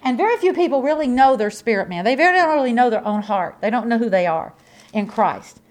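A woman preaching a sermon, emphatic and repetitive, with folksy asides to the congregation and swings from loud to soft. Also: on the high side, expressive, a little fast.

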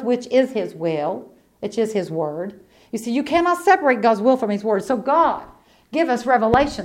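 A middle-aged woman preacher giving a sermon in a folksy, colloquial way. She repeats her key lines and moves between hushed storytelling and fervent preaching. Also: high-pitched.

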